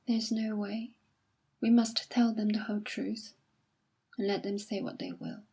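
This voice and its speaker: A woman reading aloud as a jilted young woman who is quiet, dignified and self-sacrificing. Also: mid-range voice, flat delivery, measured pace, vocal fry, breathy edge. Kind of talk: audiobook reading.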